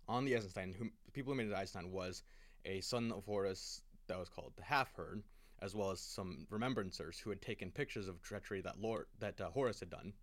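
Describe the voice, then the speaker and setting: A man casually retelling a long story to a friend, rambling with restarts and quick acted quotes. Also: lowish voice, no echo. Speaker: lore explainer.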